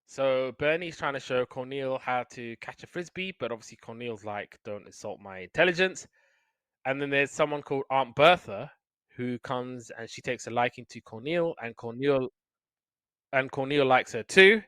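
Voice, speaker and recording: Smooth-voiced man recapping cartoons. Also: medium pitch, normal speed, a bit bright, no room sound. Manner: chatty, acts out lines in quotes. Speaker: podcast co-host. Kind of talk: casual episode recap.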